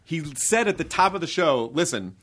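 Relaxed man hosting a comedy podcast. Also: on the high side, normal speed. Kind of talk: casual podcast chat.

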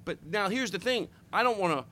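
A man hosting a casual comedy podcast chat, animated and joking, with some swearing. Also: high voice. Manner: animated, swearing, quick jokes. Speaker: podcast host.

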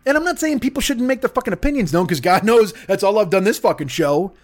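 A man with a high voice and lively intonation talks fast as he rants through a profanity-heavy comic monologue on his podcast, slipping into mocking impressions.

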